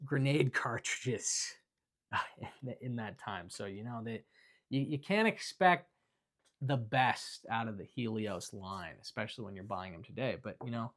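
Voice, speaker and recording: A man's voice: fairly low pitch, unhurried, a bit bright. A young man chatting casually as he reviews things around his house, rambling with lots of fillers and self-corrections. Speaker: video creator reviewing his belongings. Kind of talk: casual off-the-cuff review chat.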